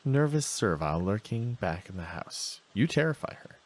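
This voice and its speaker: Deep-voiced man chatting over gameplay. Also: sing-song, normal speed. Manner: chatty, talks to himself, reads game text aloud. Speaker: let's play host. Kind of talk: casual gameplay commentary.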